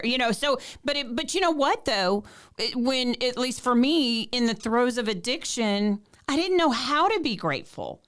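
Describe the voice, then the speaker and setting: A woman's voice: on the high side, sing-song, normal speed, a bit bright. A woman hosting a casual chat, affirming her guest and talking with many fillers. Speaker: host.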